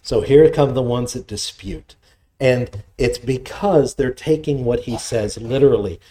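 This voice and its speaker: Mellow-voiced man preaching a sermon. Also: mid-range voice, a little slow. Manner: expository preaching, reads scripture aloud, conversational asides. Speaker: pastor.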